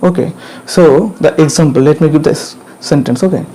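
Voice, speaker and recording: A man with an Indian English accent teaching English grammar, repeating each point and asking "clear?" to check understanding. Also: on the high side, normal speed, dark tone, a little hiss or hum, rough recording. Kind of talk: slow classroom explanation.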